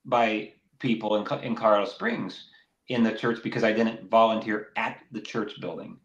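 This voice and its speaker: A man's voice: on the low side, normal speed, highs cut off. Earnest man in a roomy echo. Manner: earnest, rambling, animated when mimicking others. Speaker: podcast co-host. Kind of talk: casual faith chat.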